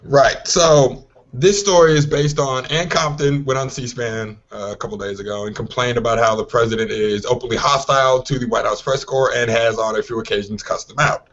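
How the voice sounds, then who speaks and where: A man co-hosting a casual podcast, telling stories with lively acted-out quotes. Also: medium pitch, fairly quick. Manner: animated storyteller who acts out quoted voices. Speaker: podcast co-host. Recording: lo-fi online call audio.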